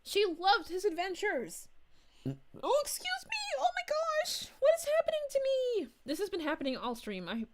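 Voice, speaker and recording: A bubbly young princess, played by a woman, chats with her stream, giggling and gushing as she reads out messages. Her voice sits high and swoops up and down. She takes her time between lines. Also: sing-song, a little slow, slight background noise. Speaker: VTuber streamer. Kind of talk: livestream chat reading.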